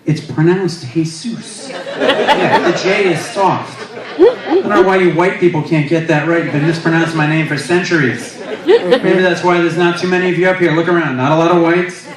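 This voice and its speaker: A man's voice: a little high, animated, moderate pace, crowd noise, close to an everyday voice. A man doing a sarcastic scolding deity. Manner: sarcastic, lecturing. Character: angry, sarcastic male deity scolding a newcomer. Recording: echoey club from a distant mic.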